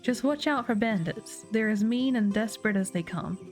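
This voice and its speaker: A woman's voice: a little high, moderate pace, a little mellow, soft background music, close to an everyday voice. A woman reading aloud the lines of a friendly frontier wagon guide from a game, in her own plain voice without an accent.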